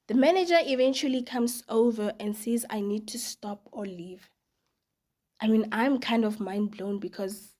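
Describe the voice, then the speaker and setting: A woman reading online stories aloud in a casual way, with sarcastic asides. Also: medium pitch. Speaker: storytime narrator.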